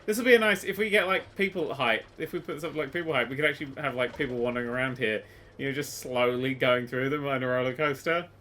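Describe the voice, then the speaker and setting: A man giving casual let's-play commentary, excitable and sweary, swinging from quiet mutters to loud exclamations. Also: medium pitch, quick pace. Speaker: gaming YouTuber.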